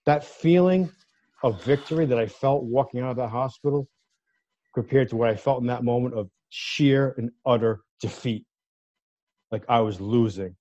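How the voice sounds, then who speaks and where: A man guesting on a talk show, telling a story in a lively way and acting out the voices of the people in it. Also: mid-range voice, no echo. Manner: animated, acts out quoted voices. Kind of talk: casual storytelling. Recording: dull lo-fi dry sound.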